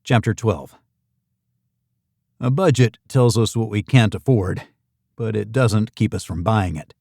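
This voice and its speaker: A man narrating a thriller audiobook in the first person, in an even, measured reading. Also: fairly low pitch, gravelly, no echo, clean studio sound.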